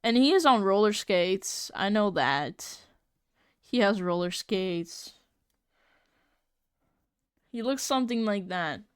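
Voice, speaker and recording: A woman's voice: medium pitch, lively intonation, takes it slowly, pauses often, clear, resonant tone, dry recording, clean studio sound. A young woman live-streaming as she draws, chatting casually in a giggly, rambling, playfully exasperated way. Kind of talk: casual live-stream chat while drawing.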